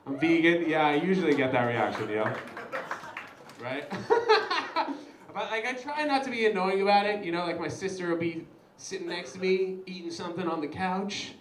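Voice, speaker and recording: A young man performing a stand-up comedy set, chatty and animated, talking straight to the crowd. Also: sits high, normal speed, echoey room, a little hiss or hum, poor audio. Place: comedy show venue.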